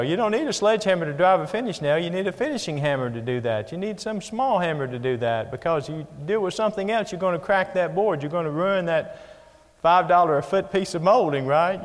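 A man preaching a sermon, folksy and full of everyday examples, swinging between loud emphasis and hushed, soft passages. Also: fairly high pitch. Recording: long hall reverb.

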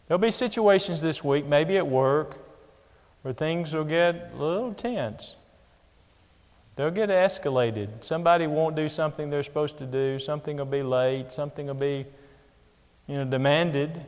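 A man delivers a folksy sermon, leaning on homely examples and direct questions to the listeners. His voice sits a little high and swings between loud emphasis and near-hushed softness. The sound carries a long reverb, as from a church hall. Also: normal speed. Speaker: preacher.

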